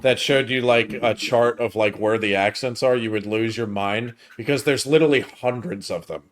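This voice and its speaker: A man's voice: medium pitch, normal speed. A man chatting eagerly as co-host of a film review show. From United States. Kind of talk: casual chat.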